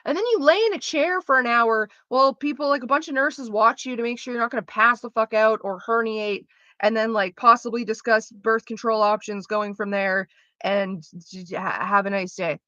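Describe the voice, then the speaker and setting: A young woman talking candidly in a casual chat, blunt and animated, swearing freely. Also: on the high side, normal speed, no room sound, muffled recording. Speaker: streamer.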